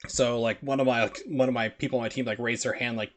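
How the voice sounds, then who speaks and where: A man's voice: medium pitch, steady tone, fast, hardly any pauses. A man from the United States streaming a game, chatting in a rambling, filler-heavy way. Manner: rambling, filler-heavy chat with put-on voices. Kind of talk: casual gameplay commentary.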